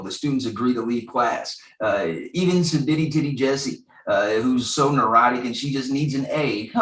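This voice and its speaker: Deadpan male podcast co-host, roomy echo. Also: medium pitch, distant mic. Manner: dry, deadpan quips. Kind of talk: casual recap of a TV episode. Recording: echoey room, set back from mic.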